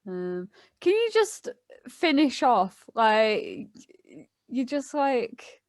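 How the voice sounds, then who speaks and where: A woman's voice: on the high side, very slow, dry recording, clean studio sound. A young British woman casually chatting with her bandmates on a podcast and prompting them to go on. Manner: relaxed, prompts others to talk. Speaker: band member podcast co-host. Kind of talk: casual chat.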